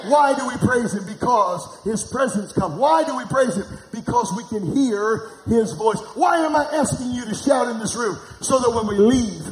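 A man from Missouri preaching a sermon, calling for responses from the congregation and swelling into shouts. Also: very high voice, normal speed, few pauses, echoey room, slight background noise, low-quality recording.

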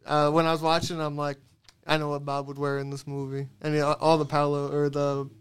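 A man's voice: on the high side, completely flat delivery, fairly quick, smooth. A man co-hosting a podcast in casual chat, talking bluntly and swearing freely. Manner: blunt and profane. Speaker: podcast co-host.

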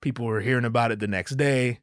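A man's voice: medium pitch, fast, no echo, studio quality. A man hosting a podcast who tells a casual, profane story, laughing as he goes. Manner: animated, profane, laughs while telling stories. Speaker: podcast host.

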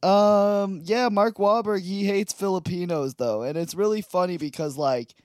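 A man's voice: high-pitched, normal speed, no room sound, clean studio sound. A young man co-hosting a comedy podcast, crude and rambling, laughing through casual banter. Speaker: podcast co-host.

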